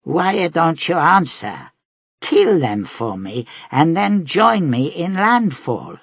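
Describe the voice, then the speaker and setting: A ruthless villain in an audiobook, pitched higher than the narrator's own voice and commanding, as a man puts him on. The voice keeps a gravelly, husky grain and is recorded dry and close. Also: very animated, slow, fairly bright tone, no room sound, heavily acted. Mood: coaxing. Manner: barking orders, then coaxing.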